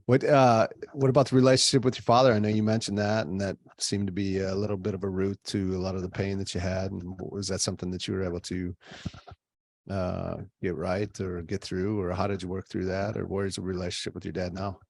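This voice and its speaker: A man hosting an interview, asking halting questions and giving brief supportive affirmations. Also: low voice, little pitch movement, creaky, darkish tone. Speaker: podcast host, interviewer.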